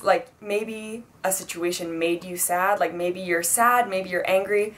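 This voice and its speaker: A woman's voice: mid-range voice, steady tone, moderate pace, few pauses, a bit bright. A twenty-year-old woman giving casual life advice in a chatty vlog, full of fillers and acted-out quotes. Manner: chatty, filler-heavy, acts out quoted dialogue. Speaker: vlogger.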